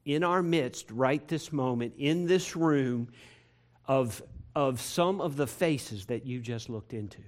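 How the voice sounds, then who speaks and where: A pastor preaching a sermon to his congregation in a church, repeating phrases and building to loud, emphatic peaks. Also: mid-range voice, takes it slowly. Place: church sanctuary.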